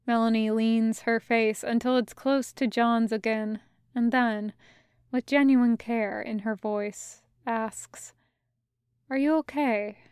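A woman narrating a fanfiction audiobook in a calm, gentle manner. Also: a little high, slow, clean tone, no echo, clean studio sound. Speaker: audiobook reader.

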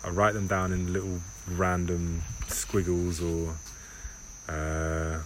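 A man hosting a solo podcast, talking in a rambling, halting monologue and often correcting himself. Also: low voice, monotone, poor audio. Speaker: podcast host. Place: home in Barbados. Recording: home recording with clear background noise.

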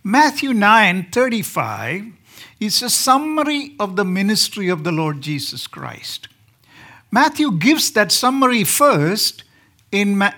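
A man's voice: sits high, fairly bright tone. A man from India with an Indian accent, preaching as a guest speaker and joking with the congregation. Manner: joking, asks the congregation questions. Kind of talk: sermon.

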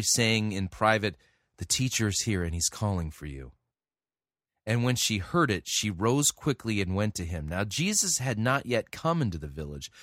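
A man preaching a sermon, reading scripture aloud and then explaining it in an earnest, halting way with many restarts. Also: fairly low pitch, fairly bright tone, no echo, studio quality. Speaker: pastor. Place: church.

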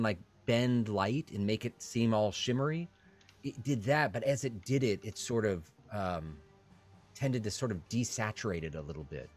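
A man voicing a nervous male villager, slow and hesitant, searching for words. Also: fairly low pitch, lightly acted.

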